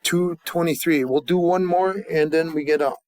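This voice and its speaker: A man teaching a casual grammar lesson, talking in halting starts and restarts with fillers and joking asides. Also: on the high side, steady tone, a little mellow, a little hiss or hum. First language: English. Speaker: language teacher.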